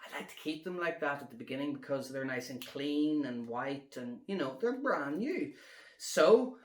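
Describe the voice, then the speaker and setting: A man, a magician telling a casual story while demonstrating card tricks and counting cards out loud. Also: mid-range voice, fairly quick. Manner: chatty, relaxed, counting cards aloud as he deals. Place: at home during lockdown. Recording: roomy echo.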